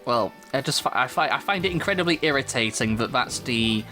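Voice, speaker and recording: A man's voice: mid-range voice, lively intonation, fairly quick, bright, forceful tone, soft background music. A man with a Manchester accent casually commenting on a video game he plays, chatty and laughing often, at a desk microphone. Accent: Mancunian. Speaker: let's play host.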